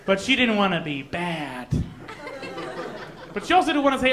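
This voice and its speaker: A man from Canada doing a stand-up comedy set in a comedy club, mostly deadpan, with sudden loud put-on voices. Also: high-pitched, normal speed, some chatter behind.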